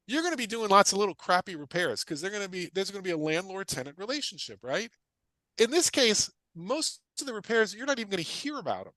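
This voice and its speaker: A middle-aged man teaches a live online class, hammering his points home with repeated questions and quick casual tangents. His voice sits high and swings widely in pitch, with a bright, forceful edge. The sound is close and dry. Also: very animated, no echo. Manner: emphatic and repetitive, drives points home with questions. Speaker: guest real estate investor teaching. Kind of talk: energetic livestream teaching talk.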